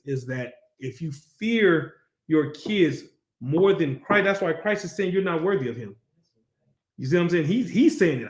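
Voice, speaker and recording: A high-voiced man teaches a scripture class, talking bluntly and swearing freely, and he repeatedly checks whether his listeners understand. The room around him echoes.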